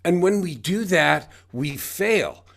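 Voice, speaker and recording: A man's voice: high-pitched, lively intonation, takes it slowly, creaky, fairly bright tone. A man in his sixties, an author and coach, talking in an emphatic, preachy way as a podcast guest and repeating his catchphrases. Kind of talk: motivational podcast interview.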